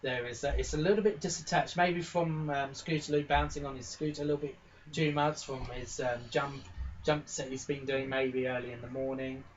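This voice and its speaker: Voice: medium pitch, steady tone, moderate pace, dull audio, a little hiss or hum. A game master narrating a pony tabletop role-playing game in a rambling, casual way full of fillers.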